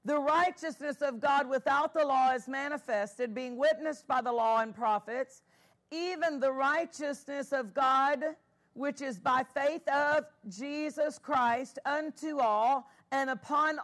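A woman pastor preaches with a high-pitched voice. She speaks slowly and emphatically, repeating key phrases for weight. She calls for amens from the congregation. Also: fairly bright tone. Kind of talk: sermon.

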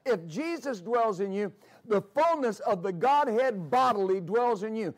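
A man's voice: sits high, lively intonation, unhurried. A man preaching a sermon as pastor, with emphatic repetition and storytelling asides.

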